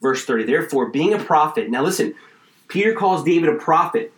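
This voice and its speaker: A man's voice: a little high, animated, fairly quick, echoey room. A man preaching a sermon, reading scripture aloud and explaining it with growing fervor. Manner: expository preaching, reads scripture then explains, builds to fervor. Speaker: pastor.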